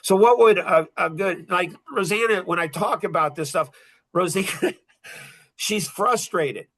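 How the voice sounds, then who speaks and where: A man's voice: sits high, unhurried, fairly bright tone. A middle-aged man hosting a podcast in casual talk, blunt and rambling, often repeating himself. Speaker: podcast host.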